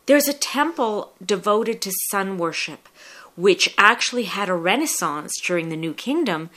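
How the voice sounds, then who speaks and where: A woman hosting a podcast, asking questions and explaining history in a lively, inquisitive way. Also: mid-range voice, normal speed. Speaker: podcast host. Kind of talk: casual interview and explanation.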